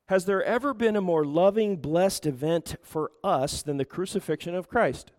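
A man's voice: high-pitched, moderate pace, a little mellow. A man preaching a sermon as pastor, asking the room rhetorical questions and acting out quoted voices. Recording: reverberant hall.

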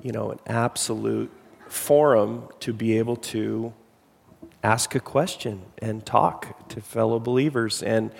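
Gravelly-voiced pastor in a reverberant hall. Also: male voice, mid-range voice. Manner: casual, self-deprecating, loose with fillers. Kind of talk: sermon and Bible reading.

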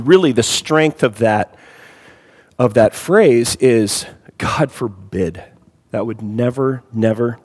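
A man teaching a conversational Bible study, emphatic and reading scripture aloud, often clearing his throat. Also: mid-range voice, a little mellow, long reverb tail.

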